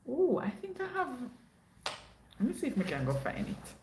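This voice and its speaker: A woman's voice: low-pitched, big pitch swings, normal speed, long pauses, a little hiss or hum. A young woman with a Jamaican accent, hosting a casual livestream chat and telling stories, slipping into patois now and then. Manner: chatty storyteller, drops into patois. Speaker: livestream host. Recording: echoey room.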